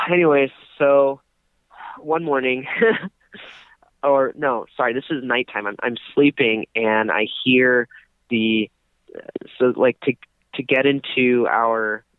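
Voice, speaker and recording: Slowly and with long pauses, a young podcast co-host with a mid-range voice works his way through a lengthy story, stumbling over fillers and restarts as he chats. The sound is dry, tinny, phone-like, and free of room sound.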